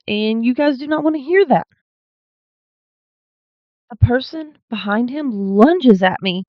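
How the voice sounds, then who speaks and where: A woman at an unhurried pace reads ghost stories aloud as host, pausing to cut in with blunt, profane remarks. Her voice sits dry and close, with a slightly dull lo-fi sound. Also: mid-range voice, no echo. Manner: breaks in with blunt, swearing asides. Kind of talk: reading stories aloud with commentary.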